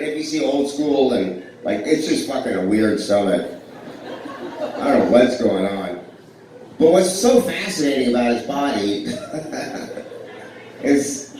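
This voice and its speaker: A man telling stand-up stories to a live crowd, rambling and self-deprecating, trailing into fillers and restarts. His voice sits at an average pitch and comes from a distance. The small club's sound bounces all around him, with a faint room hum underneath. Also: darkish tone. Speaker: stand-up comedian. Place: small club with live audience. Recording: echoey, distant live club recording.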